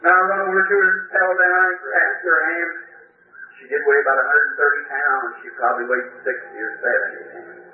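A man's voice: on the high side, little pitch movement, brisk. A man preaching, telling a personal story with fervent emotion and sometimes crying out. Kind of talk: sermon testimony. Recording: distant, echoey, tinny old recording.

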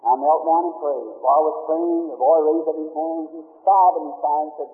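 A man's voice: on the high side, fairly even intonation, brisk, hardly any pauses. A man preaching a sermon, telling a folksy story and then rising into emphatic exhortation. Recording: echoey hall over a tinny lo-fi old recording.

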